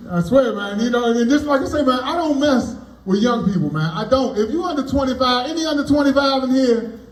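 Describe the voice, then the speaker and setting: Man, stand-up comedian, very high voice, loud animated delivery, echoey party room. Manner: loud, animated punchlines, bantering with the crowd. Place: party venue, indoors.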